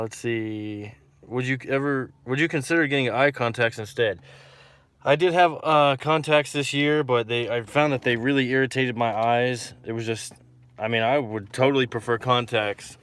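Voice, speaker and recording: A man's voice: mid-range voice, fairly even intonation, moderate pace, a bit bright, smooth, no room sound. A man from Texas hosting a casual livestream and reading out viewer comments, rambling and repeating himself with lots of fillers.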